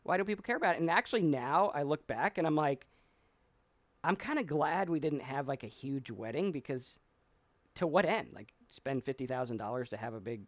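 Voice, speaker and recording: A man's voice: medium pitch, expressive, moderate pace, dry recording. A man co-hosting a casual live talk, reading viewer comments and telling stories at length. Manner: rambling storyteller, acts out voices. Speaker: podcast co-host.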